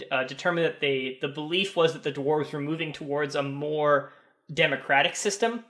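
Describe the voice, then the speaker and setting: A man's voice: on the high side, fairly bright tone. A young man narrating as game master for a tabletop game, hesitant with frequent restarts. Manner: hesitant, many ums and restarts.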